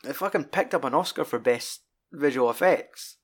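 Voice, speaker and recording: Scottish dude, casual film chat, swears a ton, rambles, mid pitch. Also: male voice, normal speed. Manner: sweary, rambling and animated retelling.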